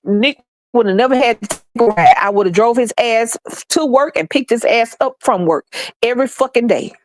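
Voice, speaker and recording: A woman's voice: fairly high pitch, moderate pace. Heated, profane woman ranting. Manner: blunt, profane, heated, repeats for emphasis. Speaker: streamer sharing opinions. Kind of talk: passionate ranting monologue.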